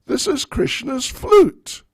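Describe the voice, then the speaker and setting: A man voicing a half-blind old woman who is suspicious and easily shocked, speaking in a shrill, indignant voice. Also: animated, slow pace, creaky, no room sound, studio quality, exaggerated voice.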